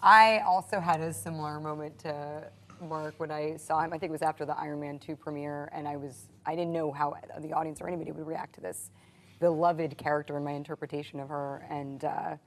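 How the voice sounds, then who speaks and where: An actress on a cast panel, talking thoughtfully and haltingly with many fillers. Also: female voice, low-pitched, steady tone. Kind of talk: reflective casual talk.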